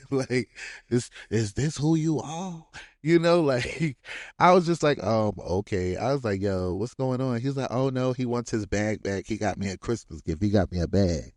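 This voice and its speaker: A man casually telling a personal story as podcast host, animated and slangy, often laughing as he goes. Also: mid-range voice, no room sound, studio quality.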